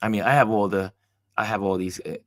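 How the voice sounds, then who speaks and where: A man hosting a motivational talk, telling a personal story and acting out the dialogue with animated delivery. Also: lowish voice, fairly quick, no room sound, clean studio sound. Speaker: host.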